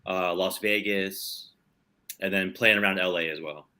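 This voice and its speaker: A man's voice: low voice, fairly even intonation, unhurried, sharp tone. A young man from Los Angeles, a touring musician, chatting casually in an interview over a video call, laid-back and rambling with lots of fillers. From Los Angeles, San Fernando Valley.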